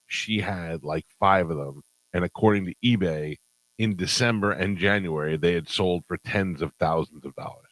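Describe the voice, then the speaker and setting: A man with a very low voice hosts a radio show, spinning a funny story in an easy, amused way. The studio sound is close and dry. He laughs easily as he goes. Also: moderate pace, fairly bright tone, dry recording, low-quality recording. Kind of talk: casual radio chat.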